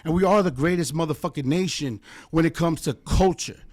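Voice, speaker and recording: Guest attorney, American man, higher register, passionate profane rant-style talk. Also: fairly quick, darkish tone. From United States. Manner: fervent, heavily profane, rambling with many fillers. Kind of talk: impassioned casual podcast chat.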